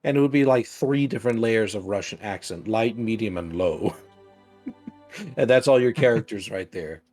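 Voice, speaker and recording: A man's voice: lowish voice, normal speed, soft background music. Chatty male streamer talking about voices. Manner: chatty, animated, laughs easily. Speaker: storyteller and streamer. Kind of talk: casual stream chat.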